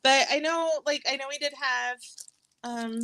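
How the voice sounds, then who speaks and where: Woman co-host, a bit higher, friendly, faint hiss behind. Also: a little slow, pushed and bright. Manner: friendly, thanks listeners, fillers like um. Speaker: podcast co-host. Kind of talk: casual chat. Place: outdoors by a campfire.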